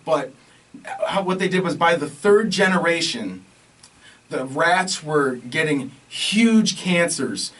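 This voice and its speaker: A man co-hosts a casual podcast and goes on emphatic, rambling rants. His voice is a bit high, and he is heard from some distance off the microphone. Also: lively intonation, slow, fairly bright tone. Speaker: podcast co-host.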